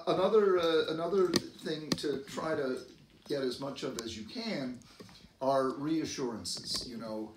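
A man doctor from the United States giving advice to camera, earnest, often repeating and restarting words and jumping up in pitch for emphasis. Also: slight background noise. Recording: roomy echo, voice from a distance.

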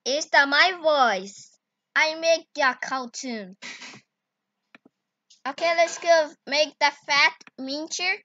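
A woman talking through a video editing tutorial in broken English, bursting into excited exclamations. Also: high voice, takes it slowly, pauses often, no room sound. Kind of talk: casual screen-recorded tutorial. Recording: dull lo-fi recording.

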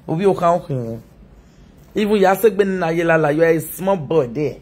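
A woman's voice: on the low side, lively intonation, fairly quick, darkish tone. A Nigerian woman ranting mockingly on a live video, scolding and laughing often.

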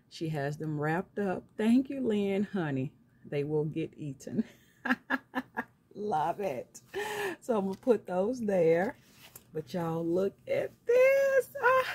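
Gushing woman with lively pitch. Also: slightly rough. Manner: gushing and grateful, laughs often. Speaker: craft channel host opening gifts. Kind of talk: casual unboxing vlog. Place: at home, filming on a tripod. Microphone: camera on a tripod.

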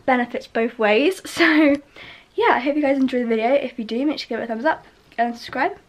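Quick, chatty young woman. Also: on the high side. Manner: chatty, rambling, lots of fillers. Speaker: vlogger. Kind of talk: casual study vlog chat. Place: at home indoors. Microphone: handheld then laptop camera.

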